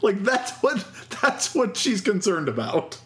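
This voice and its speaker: A man's voice: sits high, a little slow. Wry, joking man co-hosting a podcast. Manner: wry, deadpan jokes. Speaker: podcast co-host. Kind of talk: casual chat recapping an anime episode.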